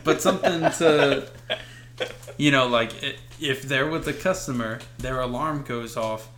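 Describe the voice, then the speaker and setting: A man's voice: mid-range voice, measured pace, fairly bright tone. A man co-hosting a podcast in casual chat, rambling and hesitant with lots of fillers. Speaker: podcast co-host.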